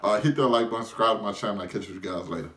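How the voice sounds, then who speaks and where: A young man reacting to a video in casual commentary, laughing loudly and shouting at the screen. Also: fairly low pitch, very fast, a little hiss or hum. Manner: loud, laughing, yells at the screen. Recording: echoey room with loud music.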